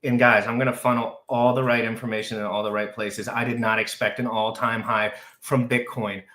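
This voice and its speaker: A man hosting a live crypto stream, talking frantically, overexcited, with shouts and repeated phrases. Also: medium pitch, little pitch movement, a little fast, echoey room. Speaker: crypto livestream host. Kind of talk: excitable live stream chat.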